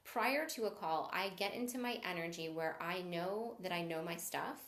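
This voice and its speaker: A woman's voice: fairly low pitch, normal speed, a bit bright. Upbeat woman coaching in an echoey room. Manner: upbeat and encouraging, greets viewers mid-talk. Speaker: sales coach. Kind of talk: live-stream sales training.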